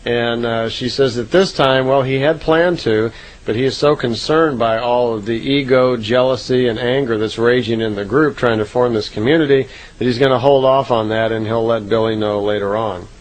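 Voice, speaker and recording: A man talks through a long account in a relaxed, unscripted way. He pauses on fillers and corrects himself as he goes. His voice sits at an ordinary middle pitch for a man. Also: low-quality recording. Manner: unhurried, conversational, frequent "uh" fillers and self-corrections. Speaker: narrator recounting contact reports. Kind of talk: casual spoken retelling.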